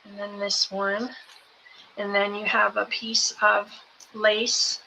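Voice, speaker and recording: A woman hosting a live selling show, going through each craft kit item by item in an unhurried way. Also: medium pitch, little pitch movement, creaky, sharp tone, rough recording. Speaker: host selling craft kits. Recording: background noise with clicks.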